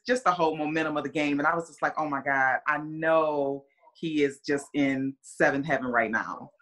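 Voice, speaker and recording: A middle-aged woman tells a story as a guest on a podcast. Her voice is bright and sits slightly low for a woman. She rambles casually with fillers and acts out what people said. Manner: chatty, lots of fillers, acts out quotes. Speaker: football player's mother, podcast guest.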